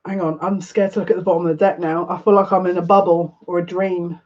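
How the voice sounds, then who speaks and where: Speaking fast in a mid-range voice that barely shifts in pitch, this British tarot reader offers a collective reading. Emotion overwhelms them, so they often run out of breath and start sentences over, all on slightly muffled lo-fi audio.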